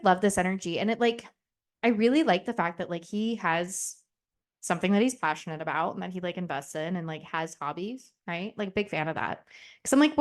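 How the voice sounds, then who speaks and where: A young adult woman hosting her own podcast, talking casually on her own with frequent swearing and lots of "like" and "right?". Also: medium pitch. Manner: chatty, profane, lots of "like" and "right?". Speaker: podcast host. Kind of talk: casual solo podcast chat.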